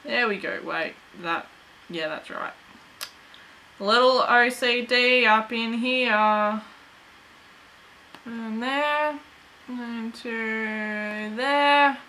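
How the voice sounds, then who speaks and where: Slow-talking, bright-voiced woman gamer. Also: a little high, a little hiss or hum, poor audio. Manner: goofy, chatty, talks to the game and viewers. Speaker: gaming channel host. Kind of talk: let's play commentary.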